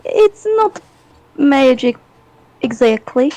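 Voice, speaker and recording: A woman playing a tabletop game, talking casually and quickly explaining things. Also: high voice, sing-song, darkish tone, no echo, low-quality recording. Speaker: tabletop player. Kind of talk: casual chat and in-character play.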